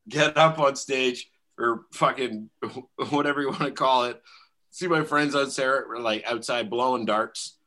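A man's voice: mid-range voice, measured pace, sharp tone. A man in his thirties telling a profane story in a casual chat, laughing often. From Canada.

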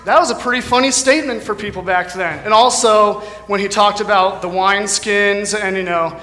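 American man, bright high voice, casual guest preacher in a long-reverb church hall. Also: moderate pace, hardly any pauses. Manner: casual, chatty, lots of fillers like "you know". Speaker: guest speaker. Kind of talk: sermon with jokes. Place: church sanctuary.

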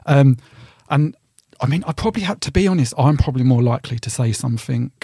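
Chatty young man, gravelly voice. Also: mid-range voice, lively intonation, fast, mellow, dry recording, clean studio sound. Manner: rambling, chatty, easily sidetracked. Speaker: podcast co-host. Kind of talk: casual chat.

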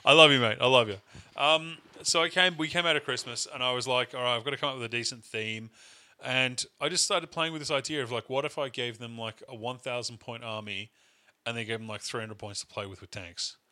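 Casting: young male podcast host, very bright forward voice, loose rambling banter. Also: mid-range voice, fairly quick. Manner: rambling, laughs often, swears casually. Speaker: podcast co-host and event organiser. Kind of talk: casual chat.

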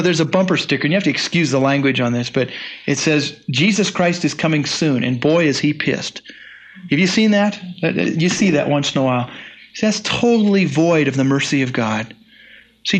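A man in his sixties preaching a sermon in a conversational, folksy way, with frequent restarts and asides. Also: a little high. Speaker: pastor.

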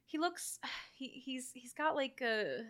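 A woman co-hosting a casual chat, animated and full of filler words, acting out quoted lines as she talks. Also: sits high, takes it slowly. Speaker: podcast co-host. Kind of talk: casual chat reviewing a horror film.

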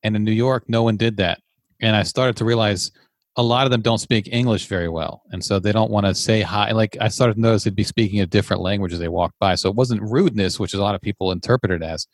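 A man's voice: lowish voice, fairly even intonation, fast, no echo, studio quality. A man from Virginia in casual podcast chat, reflective, explaining his points at length. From Virginia, USA. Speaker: co-host.

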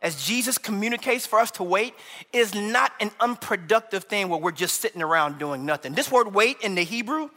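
A man preaching a sermon as associate pastor, animated and humorous, calling out to the congregation. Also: high-pitched, a little fast, long reverb tail.

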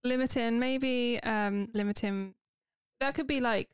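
A woman's voice: on the high side, steady tone, measured pace, clean tone, dry recording. A woman co-hosting a podcast in casual couple's chat, speaking frankly and laughing often. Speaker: podcast co-host.

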